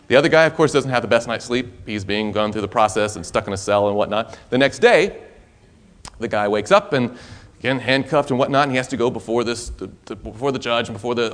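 A man with a medium-pitched voice preaches a sermon, telling a story in an animated, conversational style full of restarts.

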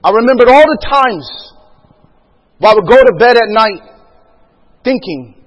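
High-voiced man telling a story in a reverberant hall. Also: animated, measured pace. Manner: vivid storyteller, acts out quotes, laughs often. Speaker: speaker sharing a personal testimony. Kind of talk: storytelling testimony to an audience. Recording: dull lo-fi sound with long hall reverb.

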